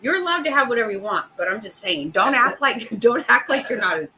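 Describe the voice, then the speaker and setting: A woman's voice: fairly high pitch, very animated, fast, noisy background. A middle-aged woman hosting a casual chat, profane and exasperated, laughing often. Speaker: host.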